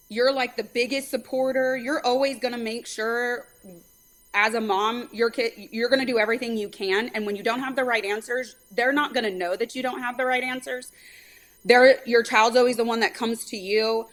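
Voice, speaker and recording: A woman from California, a softball pitching coach and a mother, talking earnestly as a guest in an interview, quick to fill pauses with "um" and "like". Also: rough recording. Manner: talkative, earnest, many fillers. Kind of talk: casual interview chat.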